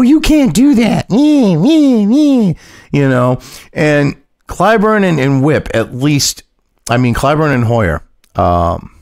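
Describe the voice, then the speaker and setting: A man's voice: mid-range voice, dry recording. Guy ranting about politics, swears a lot, voice swings up and down, dry close mic. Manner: mocking, profane, laughs at his own jokes. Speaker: political commentary host. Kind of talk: casual political commentary, reading and reacting.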